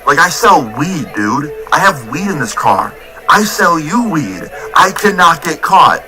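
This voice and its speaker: A man's voice: a little high, very animated, measured pace, sharp tone, soft background music, pitched above the performer's own voice, exaggerated voice, poor audio. A man voicing his panicked young adult male friend, a weed dealer, with frantic, whiny pleading.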